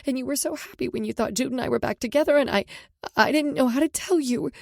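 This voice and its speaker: A woman voicing a tearful young woman confessing to her mother, speaking haltingly. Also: sits high, gravelly, no room sound, clean studio sound, voice pushed up. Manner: emotional, halting.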